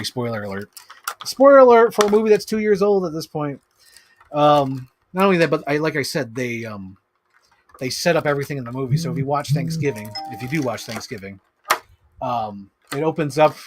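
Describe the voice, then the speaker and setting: A man chatting casually on a live stream about his toy collection, excitable and rambling, swearing freely. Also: medium pitch, slight background noise.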